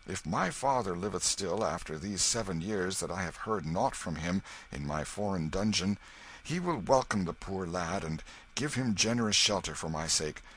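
A man's voice: deep voice, expressive, moderate pace, fairly bright tone, slight background noise. A man doing a hearty kindly knight. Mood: musing. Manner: cheery, bluff old-fashioned speech.

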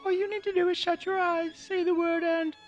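A man voicing a tiny, sly, giggling magical ferryman in a squeaky falsetto for a storybook reading. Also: little pitch movement, fairly quick, soft background music. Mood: teasing.

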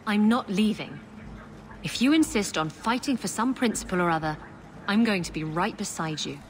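A woman's voice: mid-range voice, lively intonation, moderate pace, slight background noise, close to an everyday voice. An actress playing a bold woman pirate in a game, speaking frankly and wryly to her lover. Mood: tender.

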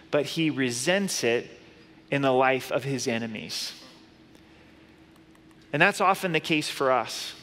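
Earnest pastor preaching in a reverberant hall. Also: male voice, on the high side, sharp tone. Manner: conversational, earnest, with playful asides. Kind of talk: sermon.

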